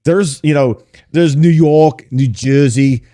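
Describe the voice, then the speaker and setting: A man's voice: on the high side, takes it slowly, warm tone. Chatty man in casual podcast talk. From Nashville, USA. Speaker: podcast co-host. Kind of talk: casual chat.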